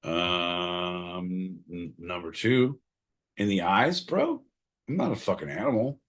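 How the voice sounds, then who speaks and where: Profane, animated male podcast host. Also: low-pitched, slow. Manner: profane, loud, swings from shouting to mumbling. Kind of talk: crude comedic banter.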